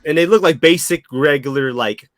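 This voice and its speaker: A man's voice: a little high, moderate pace, a bit bright, no echo, clean studio sound. A young man narrating as dungeon master, rambling with frequent restarts. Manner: rambling, repeats and restarts while describing. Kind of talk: narrating a tabletop game.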